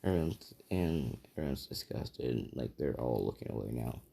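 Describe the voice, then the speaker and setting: A man's voice: extremely low pitch, animated, normal speed, vocal fry, dark tone, breathy edge. A man casually telling a fan-fiction story, rambling and checking in with the listener.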